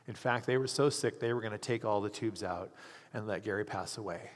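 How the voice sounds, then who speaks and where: A man's voice: lowish voice, a little fast. Earnest man preaching in a reverberant hall. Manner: earnest storyteller acting out quoted voices. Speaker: hospital chaplain. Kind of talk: sermon storytelling.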